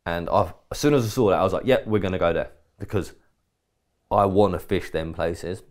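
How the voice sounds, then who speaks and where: A man from England talks in a very deep, low-pitched voice. He rambles through a casual podcast story, jumping into quoted dialogue and swearing now and then. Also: fairly quick, darkish tone. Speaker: podcast co-host.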